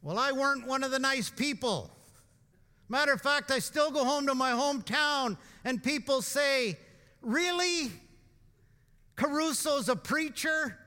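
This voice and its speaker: A male pastor with a very high, bright voice, preaching a sermon in a casual, emphatic way. He leans on asides and rhetorical questions to keep it conversational. The sound carries the long reverb of a church hall. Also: moderate pace, clear, resonant tone.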